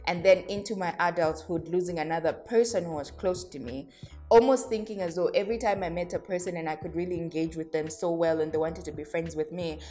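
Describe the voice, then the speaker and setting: This is a woman with a lowish, somewhat dark voice, hosting a podcast on her own. She talks to her listeners directly, candid and reflective, and laughs at herself along the way.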